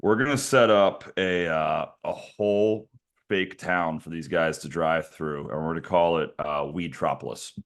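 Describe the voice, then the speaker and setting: Deep-voiced joking male podcast host. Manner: quick, joking riffs. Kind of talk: casual comedy podcast chat.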